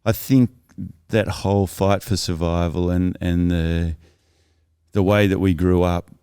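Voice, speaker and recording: A man's voice: sits low, fairly even intonation, measured pace, mellow, smooth, no room sound, studio quality. A man as a podcast guest, earnestly telling his life story in a thoughtful, reflective way that is often self-correcting.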